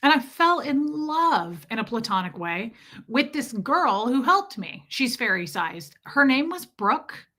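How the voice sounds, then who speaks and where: A woman's voice: high voice, big pitch swings, measured pace, sharp tone. A young woman from the Midwest with a Midwestern accent, chatting casually on her livestream, rambling and answering viewers' comments. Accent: Midwestern American. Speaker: livestream host.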